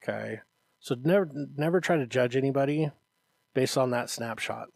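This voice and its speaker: A man's voice: mid-range voice, normal speed, gravelly, a little mellow, no echo. A man co-hosting a casual podcast as a martial arts instructor, talking earnestly and encouragingly to parents and checking in with "Okay?". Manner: earnest and encouraging, acts out parents' voices, often adds "Okay?".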